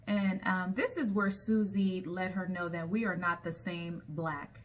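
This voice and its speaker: A woman's voice: on the low side, fairly even intonation, unhurried, a little hiss or hum. A woman recapping a TV episode in a chatty storytelling way, with frequent ums as she goes. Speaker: TV episode reviewer.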